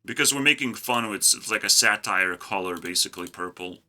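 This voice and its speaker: A man's voice: on the low side, fairly quick, pushed and bright, a little hiss or hum. A man ranting casually about a card game, mocking and profane, breaking into laughter. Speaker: YouTube gaming creator. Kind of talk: casual ranting commentary while designing cards.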